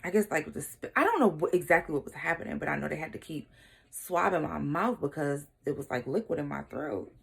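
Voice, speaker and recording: Low, gravelly-voiced young woman vlogger. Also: expressive, fairly quick. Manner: casual, shrugging asides like "blah, blah" and "whatever". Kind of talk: candid personal storytelling.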